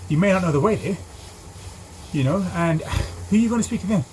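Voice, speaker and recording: A man, a driving instructor telling a story in a lively way, full of ums and acted-out voices. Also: high-pitched, a little fast, a little hiss or hum. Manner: animated, acts out voices, many ums. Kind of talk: casual storytelling.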